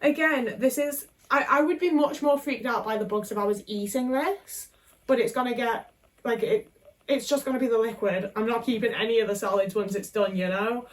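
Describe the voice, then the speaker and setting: A woman's voice: on the high side, moderate pace, far from the mic, poor audio. A young woman, chatting casually and self-mockingly while she cooks at home, tagging questions onto her sentences. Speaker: vlogger. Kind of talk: casual cooking vlog chat.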